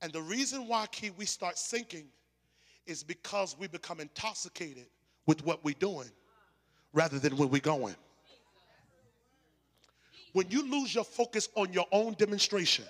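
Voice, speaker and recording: A man preaching a sermon to a church congregation, rising into shouted calls and leading call-and-response. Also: high voice, lively intonation, moderate pace, long pauses, big-room sound.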